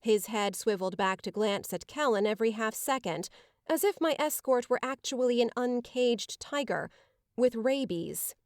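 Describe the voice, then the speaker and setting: A woman giving measured, dramatic first-person narration of an audiobook. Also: fairly high pitch, expressive, no room sound, clean studio sound.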